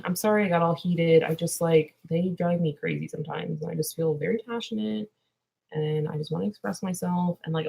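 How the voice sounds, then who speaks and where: A woman's voice: fairly low pitch, creaky, a little mellow. A woman vlogging in a clown persona, drifting earnestly from topic to topic and then turning silly. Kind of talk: rambling casual vlog.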